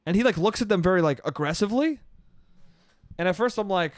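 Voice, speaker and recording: Exasperated high-voiced man ranting. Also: lively intonation, fast, no echo. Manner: profane, exasperated storytelling with frequent "dude". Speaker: podcast host. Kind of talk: solo comedic monologue. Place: New York.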